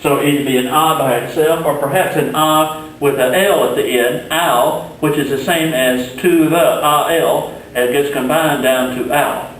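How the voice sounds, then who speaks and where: A man teaches a grammar lesson in a slow, patient way, now and then pausing on a filler. His voice sits a little high for a man. It comes from some way off the mic in a very echoey room with faint hiss behind. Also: fairly bright tone, far from the mic. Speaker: Spanish teacher.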